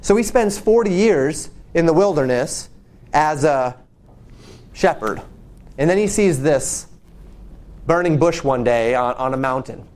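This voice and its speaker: A man's voice: on the high side, animated, a little slow, long pauses, darkish tone. A man teaching from the Bible in a conversational, storytelling way, often repeating words as he goes. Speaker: preacher.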